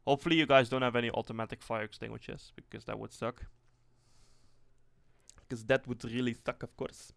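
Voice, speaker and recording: A man streaming a tank game live, thinking aloud in a rambling, relaxed way and swearing casually as he sets up a test with viewers. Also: medium pitch, fairly quick, vocal fry, long pauses, no room sound. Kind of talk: casual livestream commentary.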